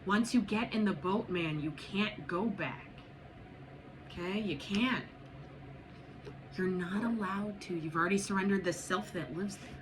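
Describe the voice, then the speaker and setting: A woman with a medium-pitched voice gives a spiritual tarot reading to viewers, speaking unhurriedly but bluntly and profanely, urging them on and repeating herself. The background is noisy.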